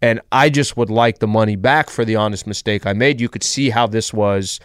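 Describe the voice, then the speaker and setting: Smooth, deadpan male talk host. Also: lowish voice, moderate pace, no room sound. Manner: deadpan, dry wit. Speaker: sports radio co-host. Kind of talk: casual sports talk chat.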